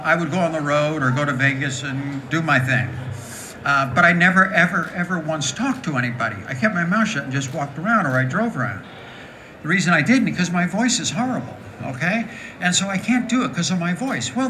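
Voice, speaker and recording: Raspy older woman telling frank stories. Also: fairly quick, a little hiss or hum, rough recording. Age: 60s. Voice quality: deep and raspy. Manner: frank, joking, animated storytelling. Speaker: guest speaker. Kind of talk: candid live talk with audience.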